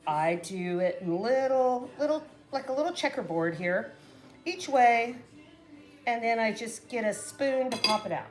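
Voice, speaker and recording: A woman's voice: fairly high pitch, animated, a little slow. A middle-aged woman chatting casually to her viewers while making a salad, rambling and often trailing off mid-sentence. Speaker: cooking vlogger. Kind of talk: casual cooking chat to camera.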